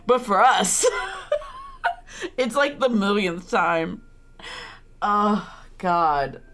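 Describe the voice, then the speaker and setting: A woman's voice: medium pitch, wildly swooping pitch, drawn-out words, fairly bright tone. Woman game streamer, casual stream commentary, exasperated rants, frequent swearing, laughing at the screen.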